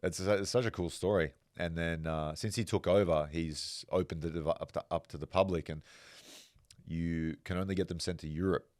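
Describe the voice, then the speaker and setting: A man with a strikingly deep, low voice hosts a podcast and tells long anecdotes in a relaxed, chatty way. He swears freely and acts out the people he quotes. The sound is dry and close, with no room around it. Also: normal speed, no room sound. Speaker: podcast host. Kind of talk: casual storytelling.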